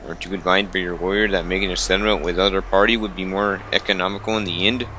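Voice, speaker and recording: A man's voice: sits low, level tone, fast, bright, forceful tone, a little hiss or hum. A young man reading a visual novel aloud, stumbling over lines and breaking off for wry asides. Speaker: let's player.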